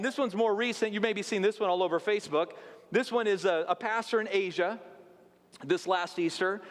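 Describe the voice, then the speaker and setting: A man in his late thirties with a high voice, preaching in a church sanctuary. He tells stories in a relaxed, chatty way and turns to the congregation with asides. His voice rings with a long reverb. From South Dakota. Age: late 30s. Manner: conversational storytelling with asides to the congregation. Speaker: pastor. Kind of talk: sermon.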